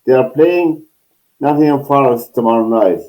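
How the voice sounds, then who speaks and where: A man's voice: medium pitch, normal speed, warm tone, low-quality recording. A man hosting a sports chat show, running through fixtures and agreeing often with his panel. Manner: runs through fixtures, lots of agreeing yeahs. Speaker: host.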